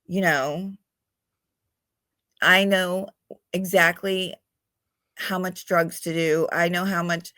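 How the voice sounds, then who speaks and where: Slow, blunt woman telling her story. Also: lowish voice, fairly even intonation, sharp tone, dry recording, clean studio sound. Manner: blunt, swears freely, laughs at herself. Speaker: guest in recovery. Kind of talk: candid conversational storytelling.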